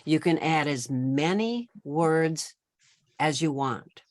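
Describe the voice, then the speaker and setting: A woman's voice: low-pitched, animated, takes it slowly, darkish tone, no echo, studio quality. A woman leading a poetry workshop, patiently explaining each step to her participants. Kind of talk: giving workshop instructions.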